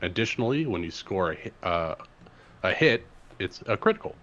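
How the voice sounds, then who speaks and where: A man's voice: low voice, sing-song, fairly quick, a bit bright. A man playing a tabletop game, teasing the others and explaining the rules. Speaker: player. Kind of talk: casual tabletop game play. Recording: dull stream audio.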